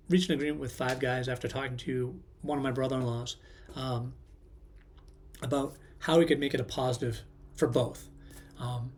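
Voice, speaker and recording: Man telling a rambling story. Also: mid-range voice. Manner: rambling, frequent ums and restarts. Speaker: channel host. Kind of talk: casual storytelling.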